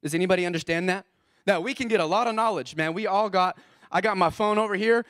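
A man's voice: high-pitched, fast talker, fairly bright tone, dry recording, studio quality. A man preaching as the pastor of his church, fired up and calling out to the congregation. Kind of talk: energetic sermon.

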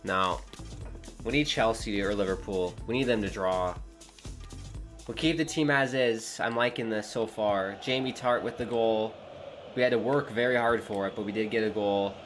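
A man hosting a gaming channel, commentating his own match with excitable outbursts at big moments. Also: on the low side, moderate pace, faint music behind. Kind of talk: live gameplay commentary. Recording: noisy background hum.

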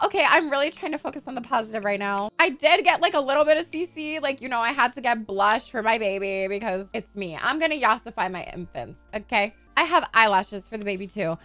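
A woman giving excited commentary while playing a life-simulation game, gushing, gasping and squealing, with casual swearing. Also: high voice, brisk, dry recording, faint music behind. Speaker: gaming streamer.

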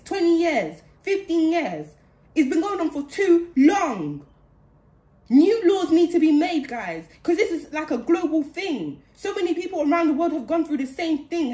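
A woman giving a channeled spiritual reading in an indignant, heated way, repeating phrases for emphasis. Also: sits high. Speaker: spiritual card reader. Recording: roomy echo.

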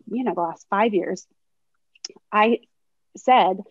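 A woman's voice: medium pitch, slow, slightly rough, no room sound. A woman in her thirties speaks as a guest on a webinar panel, recounting her career in a candid, reflective way. Her audio comes over a video call and sounds dry and slightly dull, with no room around it. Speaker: sports agent, panel guest. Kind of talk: webinar conversation, storytelling.

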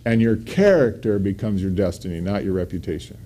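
Male pastor, mellow voice, emphatic sermon delivery. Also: animated, fairly quick. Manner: emphatic preaching, pitch rising on quoted scripture.

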